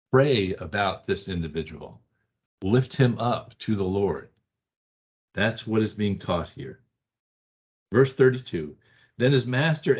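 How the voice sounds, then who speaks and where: A dull, lo-fi classroom recording captures a man with a fairly low, slightly rough voice teaching Bible study. He speaks conversationally and emphatically, repeating short phrases and often checking in with "right?"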